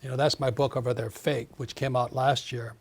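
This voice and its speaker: A man's voice: mid-range voice, level tone, brisk. An older man in his seventies, an author being interviewed, speaking emphatically in a ranting way. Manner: emphatic, ranting, acts out quoted voices. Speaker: author and guest.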